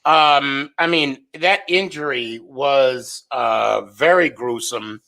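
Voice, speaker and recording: A man's voice: mid-range voice, takes it slowly, vocal fry, pushed and bright. A man co-hosting a casual sports podcast, rambling with many fillers and restarts. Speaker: podcast co-host.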